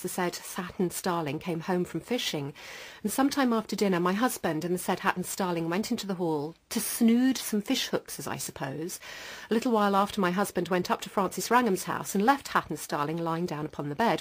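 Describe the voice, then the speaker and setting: A woman's voice: fairly low pitch, lightly acted, rough recording. A woman reading aloud, in the first person, a mother's sworn court testimony from an old record.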